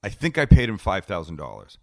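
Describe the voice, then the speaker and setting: A man's voice: sits low, brisk, vocal fry. A middle-aged man, a TV cooking host, telling stories casually in a podcast interview at home and acting out conversations. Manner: animated storyteller, acts out dialogue. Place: home living room.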